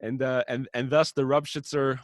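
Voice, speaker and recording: A man casually telling a story on a podcast, acting out the characters' quotes in lively voices. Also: mid-range voice, moderate pace, no echo, clean studio sound. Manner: animated, acts out characters' quotes. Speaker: podcast co-host.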